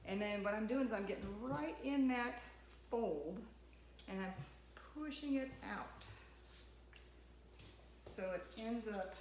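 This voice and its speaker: A chatty woman with a slightly high voice walks through a sewing project and talks to her dog as she works. The sound is echoey with a faint hiss behind it. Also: takes it slowly, long pauses, darkish tone. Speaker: sewing channel host. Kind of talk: casual sewing tutorial.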